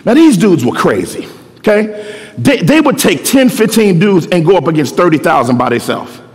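A middle-aged pastor delivers his sermon in loose street slang, stumbling and repeating words as he goes. His voice sits high for a man and swoops all over the place. It carries through a church hall with a long reverb. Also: very animated, moderate pace, a little mellow. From Philadelphia. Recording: echoey hall.

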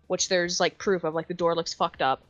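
A young adult woman co-hosting a podcast, telling an animated story with swearing and lots of fillers. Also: on the low side, fairly quick, no echo, dull audio, faint music behind. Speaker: podcast co-host. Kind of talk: casual chat.

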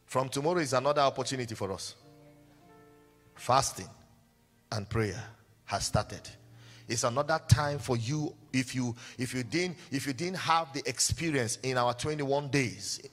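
Animated husky-voiced man preaching. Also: mid-range voice, normal speed, in a large hall, faint music behind. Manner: animated, repetitive, acts out scenes. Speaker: pastor. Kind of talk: sermon with storytelling.

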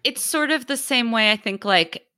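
A woman's voice: fairly high pitch, animated, normal speed, bright, forceful tone, no room sound, clean studio sound. A woman hosting a podcast, talking in an earnest, reflective way. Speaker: podcast host. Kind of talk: casual podcast chat.

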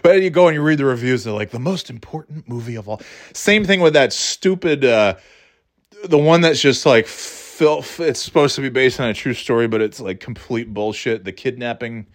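A man's voice: mid-range voice, normal speed. A man hosting a podcast, chatting casually about movies in a rambling, profane way, acting out scenes in mocking voices. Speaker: podcast host.

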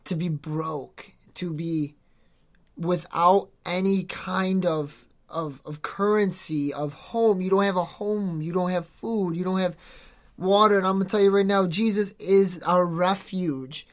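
Informal podcast preacher, earnest, exhorting, rambling, restarts a lot, mid-pitched voice. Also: steady tone, a little slow. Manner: rambling, with many restarts and self-corrections. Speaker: podcast host giving a devotional.

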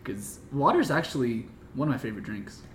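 A man co-hosting a podcast in casual chat, playful and quick with jokes. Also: mid-range voice, expressive, slight background noise. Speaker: podcast co-host. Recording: roomy echo.

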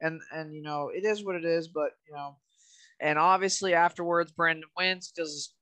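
Bright-voiced man rambling on a podcast. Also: on the high side, fairly even intonation, moderate pace, clean tone. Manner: rambling, leans heavily on "you know". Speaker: podcast co-host. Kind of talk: casual podcast chat.

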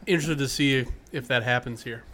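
A man's voice: medium pitch, normal speed, pushed and bright, a little hiss or hum. Joking man co-hosting a food podcast. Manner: joking, chatty. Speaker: podcast co-host. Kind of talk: casual chat while tasting food.

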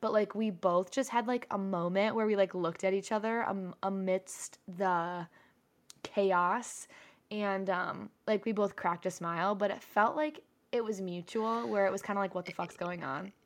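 A woman's voice: medium pitch, steady tone, measured pace. A young woman co-hosting a podcast, chatting casually and telling a story with lots of swearing. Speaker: podcast co-host. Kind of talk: casual chat.

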